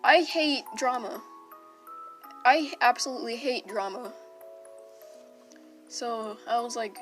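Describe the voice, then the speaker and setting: Young woman, storytime vlogger, unscripted and rambling, slightly high pitch, music bed underneath. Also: a little slow, pauses often. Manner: rambling, self-interrupting, casual slang. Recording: music playing behind.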